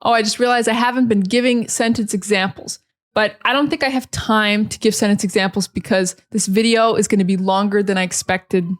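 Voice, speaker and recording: A young American woman teaching English pronunciation to learners, modeling words slowly and repeating them clearly for imitation. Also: medium pitch, steady tone. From United States.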